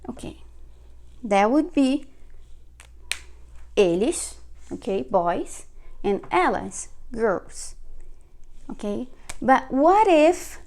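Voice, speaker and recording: Brazilian woman teacher, young, slightly high voice, unhurried and patient with learners. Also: expressive, darkish tone. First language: Portuguese. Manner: repeats words slowly for learners, frequent "okay?" check-ins. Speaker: Portuguese teacher. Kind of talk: casual video lesson.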